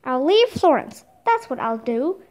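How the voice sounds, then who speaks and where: A woman's voice: high-pitched, big pitch swings, measured pace, a little mellow. A woman reading the lines of a moody middle-aged male genius in a storybook, brooding and dramatic.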